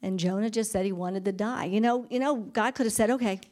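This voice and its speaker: A woman's voice: mid-range voice, fairly quick, darkish tone. A woman leading a women's Bible study, talking it through casually with fillers and frequent laughs. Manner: chatty, thinks aloud with fillers; laughs often while retelling. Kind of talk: informal Bible teaching.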